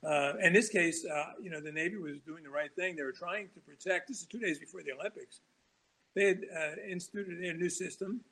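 A man's voice: on the high side, fairly quick, sharp tone, low-quality recording. A man guesting on a talk show, telling long, rambling anecdotes with frequent restarts and chuckles. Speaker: author guest. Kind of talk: casual storytelling interview.

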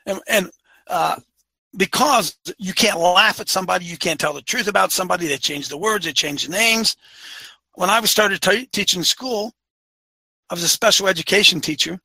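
A man's voice: high-pitched, moderate pace, gravelly, sharp tone, slightly rough, dry recording. A man delivering a fiery opinionated monologue as a show host, firing off rhetorical questions and repeating phrases for emphasis.

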